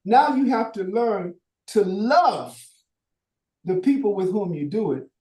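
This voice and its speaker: A man leads a Bible study in an echoey room, preaching loosely in street slang with the odd curse. He keeps quizzing his listeners with rhetorical questions, and his voice has a mellow, darker tone. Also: high-pitched, animated, slow. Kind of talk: informal preaching Q&A.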